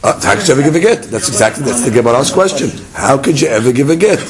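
A man races through a Talmud lesson in a medium-pitched voice, a crowd audible behind him on a rough recording. Lively, he acts out little dialogues and fires rhetorical questions at his listeners.

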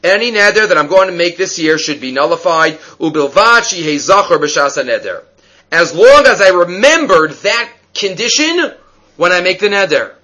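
A man teaching a Talmud lesson in an animated, questioning way, mixing Hebrew and Aramaic terms into English. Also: sits high, moderate pace. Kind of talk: Talmud lecture.

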